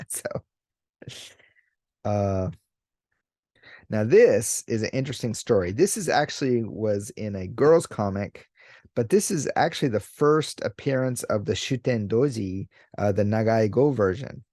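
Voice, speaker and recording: A man hosting a casual commentary video, talking in a relaxed, unhurried way with many fillers and now and then acting out characters' lines. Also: on the low side, no room sound, studio quality. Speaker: YouTube host discussing manga.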